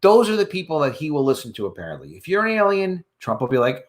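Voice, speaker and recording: A man's voice: on the high side, huge pitch swings, quick pace, few pauses. A man giving casual news commentary on his channel, making joking, sarcastic asides as he reads out an article. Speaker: YouTube commentator.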